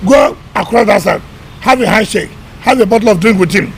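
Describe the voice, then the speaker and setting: Minister, middle-aged man, high gravelly voice, combative and emphatic in interview. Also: brisk, a little hiss or hum, low-quality recording. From Nigeria. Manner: emphatic, combative, repeats words. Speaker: government minister. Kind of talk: press interview.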